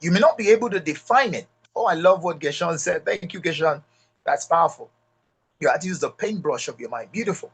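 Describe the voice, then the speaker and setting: A middle-aged Nigerian-accented man delivers a motivational leadership talk with a slightly husky, breathy voice set a little high for a man. He drives his points home by repeating them and calling out directly to the listeners. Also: lively intonation, brisk. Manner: emphatic, repeats key lines, addresses audience directly. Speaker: leadership speaker.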